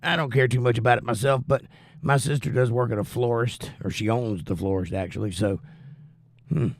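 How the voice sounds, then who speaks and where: Man, gravelly voice, dry close sound, wry teasing host chatting with viewers, short of breath from flu. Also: mid-range voice, steady tone, fairly quick, no echo. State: out of breath, recovering from flu with coughs. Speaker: livestream host reading chat. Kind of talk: casual chat.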